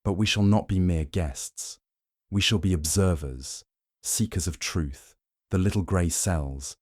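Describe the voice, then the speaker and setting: A man voicing a fastidious little detective with a French accent, speaking softly but with precise authority in a storybook reading. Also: deep voice, no echo, clean studio sound. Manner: soft but commanding, precise. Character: fastidious little male Belgian detective, commanding.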